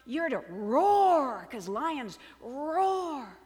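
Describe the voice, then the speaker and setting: Woman doing a booming hungry lion. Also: very animated, slow, a bit bright, big-room sound, full character voice. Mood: commanding. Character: bold hungry male lion.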